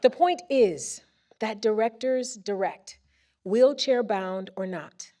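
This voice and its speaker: A woman presenter reading a first-person story aloud on a theater stage into a microphone, with expressive comic timing. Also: medium pitch, slow pace. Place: theater stage before a live audience.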